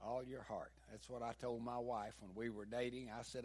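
A man's voice: medium pitch, flat delivery, normal speed, darkish tone, husky. A man with a Southern US accent preaching a sermon, mixing folksy stories with emphatic peaks. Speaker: pastor.

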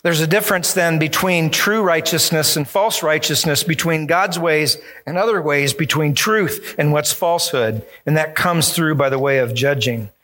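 A man's voice: a little high, normal speed, hardly any pauses, a bit bright. A male pastor preaching a sermon, emphatic and acting out the voices he quotes.

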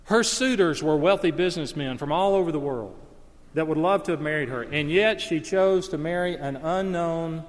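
A man preaching a sermon as a pastor, swinging from hushed storytelling to loud, impassioned emphasis. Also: a little high, normal speed. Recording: long reverb of a large hall.

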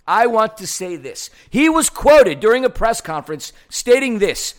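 Fired-up male podcast co-host, high, lively voice, theatrical rants. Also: moderate pace, hardly any pauses. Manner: loud, heated, theatrical. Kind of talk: fired-up fan podcast rant. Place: studio.

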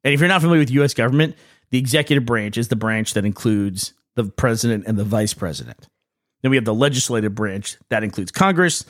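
A man's voice: medium pitch, lively intonation, fast talker, no room sound, studio quality. A man hosting a podcast, rambling through casual stories and chuckling often. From United States. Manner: rambling storyteller, laughs often. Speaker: podcast host. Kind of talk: casual chat.

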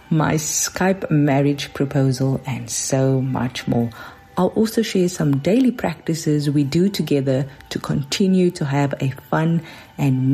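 A woman with a low, dark, slightly husky voice speaks slowly and earnestly as she wraps up her podcast episode. Soft music plays faintly beneath her. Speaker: podcast host. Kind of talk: reflective outro narration.

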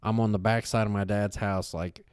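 A man spins a long, rambling story in casual podcast chat. His voice sits low and sounds smooth and resonant, recorded close and dry. He swears freely and keeps stopping to say "like". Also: moderate pace, no echo. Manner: animated storytelling, heavy swearing, frequent fillers. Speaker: podcast co-host.

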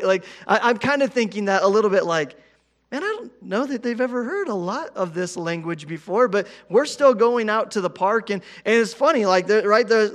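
A man's voice: high-pitched, fairly bright tone. A man in his thirties preaching a sermon in a conversational way, often repeating words and asking "right?". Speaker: pastor.

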